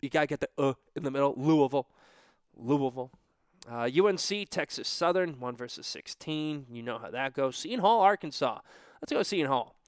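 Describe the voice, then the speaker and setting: A young man with a fairly high, smooth, clear voice thinks aloud in a loose, offhand way, hmming between picks. The sound is close and dry, with no room around it. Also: animated, brisk, dry recording. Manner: offhand, talking to himself while filling out a bracket. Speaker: bracket picker. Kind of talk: casual solo commentary.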